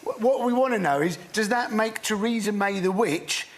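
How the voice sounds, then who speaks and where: A male comedian on a panel show, firing off quick, sardonic quips. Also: high voice, slight background noise.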